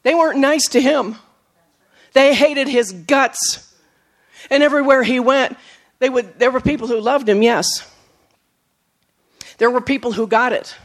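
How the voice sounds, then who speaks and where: A woman preacher giving a sermon, telling stories with acted quotes, moving from emphatic lines to soft, low asides. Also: unhurried, pauses often. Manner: storytelling, with acted quotes and laughs.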